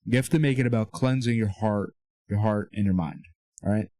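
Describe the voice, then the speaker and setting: In a small room with a whiteboard, a young Christian self-improvement speaker gives a casual, earnest motivational talk on faith and self-improvement. He uses a coaching tone, often checking in with "okay?" and "all right?", and his fairly low voice is brisk and mellow, with no echo.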